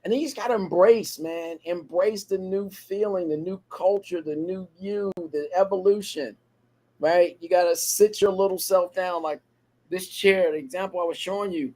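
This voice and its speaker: High-voiced man preaching motivation. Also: moderate pace, dark tone. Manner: preachy, repetitive motivational cadence. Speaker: podcast co-host. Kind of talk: motivational podcast talk.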